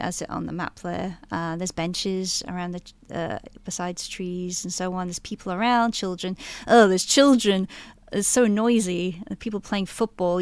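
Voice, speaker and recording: Smooth-voiced woman game master. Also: lowish voice, no echo. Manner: rambling, filler-laden description. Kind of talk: narrating a tabletop game.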